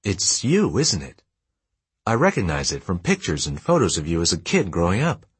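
A man reading an audiobook, voicing an eager grown son who calls out excitedly, his voice lifted well above his own. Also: sits low, breathy edge, no echo, exaggerated voice. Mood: wondering. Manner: excited, calls out, quick exclamations.

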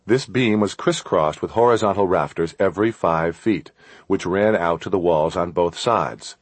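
Deep husky male audiobook narrator. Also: no echo. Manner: steady, measured storytelling.

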